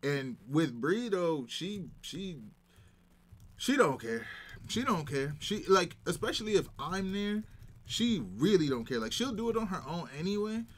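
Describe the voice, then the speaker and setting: A man chatting casually as a guest, telling stories in an animated, emphatic way. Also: high-pitched, unhurried. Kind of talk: casual chat.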